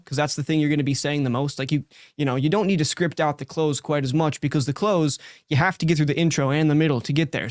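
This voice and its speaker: Guy coaching on a live show, kinda high voice, talks fast and loose with lots of likes, dry close mic. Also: dry recording. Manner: direct and talkative, many likes and restarts. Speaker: sales coach and show host.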